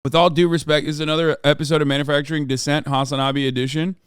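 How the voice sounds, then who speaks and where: A man hosting a livestream, ranting at his chat in a profane, sarcastic, heated way, sometimes shouting. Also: flat delivery, fast talker, clean tone, dry recording, studio quality. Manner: shouts and raises pitch when ranting. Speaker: livestream host reacting to chat. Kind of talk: casual livestream rant.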